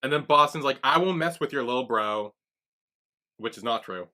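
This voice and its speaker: A man's voice: medium pitch, expressive, moderate pace, pushed and bright. A man co-hosting a podcast, casually retelling scenes and acting out the characters' lines with frequent laughs. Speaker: podcast co-host. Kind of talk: casual recap chat.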